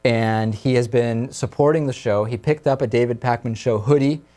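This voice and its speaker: A man's voice: medium pitch, moderate pace, dark tone. A man hosting a talk radio show, leading casual discussion with his co-hosts in a conversational way.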